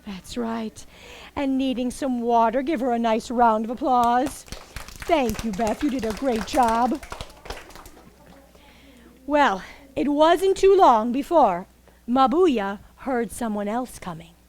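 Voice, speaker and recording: Animated woman storyteller coaxing an audience. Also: fairly high pitch, slow, a little hiss or hum. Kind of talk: live interactive storytelling for children.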